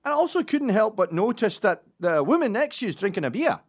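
A man's voice: high voice, big pitch swings, brisk, voice pushed up. A man voicing a prim, mock-polite Scotsman in a fake Scottish accent, asking nosy questions.

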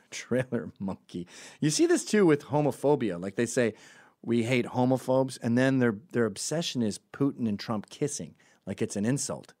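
A man's voice: mid-range voice, animated, moderate pace, a little mellow. A male host giving sarcastic, mocking commentary on voicemails he plays.

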